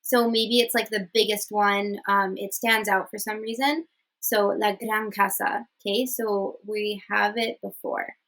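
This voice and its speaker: A woman's voice: medium pitch, level tone, a little slow, fairly bright tone, low-quality recording. A young woman teaching a casual online language lesson, chatty, with many fillers and frequent "okay?" checks. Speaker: Spanish teacher.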